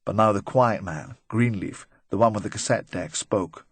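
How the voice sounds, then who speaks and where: A man narrating a crime audiobook in a measured, even manner. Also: on the low side, husky, dry recording.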